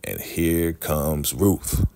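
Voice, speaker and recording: A man casually recapping a TV episode, chatty and animated, with slang. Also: very deep voice, very slow, gravelly. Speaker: TV show recapper.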